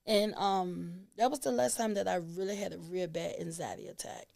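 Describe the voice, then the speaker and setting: Give me a woman in her thirties, a fairly low voice, telling animated stories as a guest. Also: moderate pace, gravelly. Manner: animated storyteller, laughs often. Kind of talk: casual interview chat.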